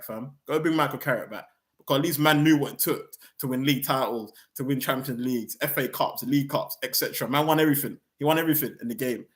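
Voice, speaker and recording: A young man hosting a football fan channel, ranting in a heated, slangy, animated way. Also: medium pitch.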